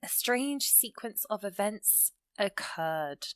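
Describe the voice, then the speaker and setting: A woman explaining English grammar in a calm, patient way, at an ordinary middle pitch. She slows down to read her example sentences and leans on the words that matter. The sound is close and dry. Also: no echo. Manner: patient, reads example sentences slowly and stresses key words.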